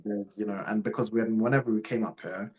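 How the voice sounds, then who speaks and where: Relaxed young man from Jamaica, low voice. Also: a little fast, muffled recording. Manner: relaxed, rambling, many fillers and laughs. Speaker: guest. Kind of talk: casual interview storytelling.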